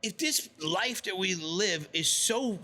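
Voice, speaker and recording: Dude guesting on a podcast, high bright voice, ranty and excitable. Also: male voice. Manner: fast, excitable, ranting, swears. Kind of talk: casual chat.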